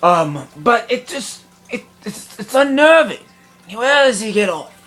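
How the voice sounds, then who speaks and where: A man giving a comedic film review in a pompous, affected gentlemanly put-on voice, indignant and long-winded. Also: high-pitched, very animated, unhurried, soft background music. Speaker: movie reviewer.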